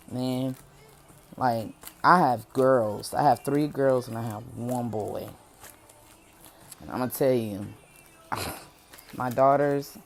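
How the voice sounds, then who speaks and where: A woman with a strikingly deep, low voice talks straight to her listeners in a casual motivational monologue. She is candid and a little preachy, and she often repeats herself for emphasis. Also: darkish tone. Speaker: podcast host.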